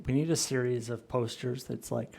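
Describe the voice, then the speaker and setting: A man's voice: medium pitch, fairly even intonation, moderate pace, vocal fry, darkish tone. A man co-hosting a stream, chiming in with wry joking asides in casual chat. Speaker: co-host.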